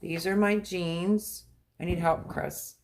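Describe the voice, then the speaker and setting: Speaking slowly with fairly even intonation, a middle-aged woman with a lowish, slightly mellow voice hosts a casual livestream from home. Her talk is candid, emotional and rambling, full of repetition, recorded in an echoey room with slight background noise.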